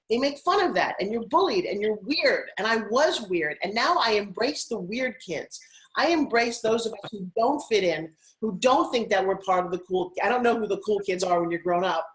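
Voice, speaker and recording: A middle-aged woman from Long Island, talking as an interview guest in an upbeat, animated, persuasive way about her own story. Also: a little high, moderate pace, rough recording. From Long Island, United States. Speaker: guest, TV host and spokesperson. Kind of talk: motivational interview talk.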